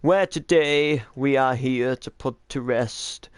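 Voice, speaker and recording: A man's voice: medium pitch, slow pace, smooth, no room sound, clean studio sound, natural voice. A man voicing a posh male church vicar who leads funeral services in a game roleplay. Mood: solemn. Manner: posh, formal.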